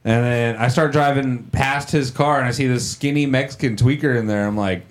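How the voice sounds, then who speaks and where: Young man, mid-pitched, loose and profane, chatty storyteller among friends. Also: normal speed. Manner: rambling, profane storytelling with laughs. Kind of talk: casual chat.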